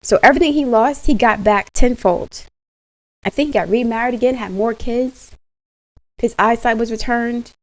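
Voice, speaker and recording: A woman giving a casual tarot reading straight to her viewers, animated and slangy, laughing often. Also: on the high side, normal speed, low-quality recording. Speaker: tarot reader.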